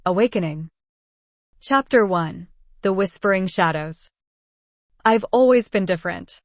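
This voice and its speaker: Woman, storybook narration, steady measured delivery, dry recording, mid pitch. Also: no echo. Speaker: audiobook narrator. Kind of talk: scripted first-person narration.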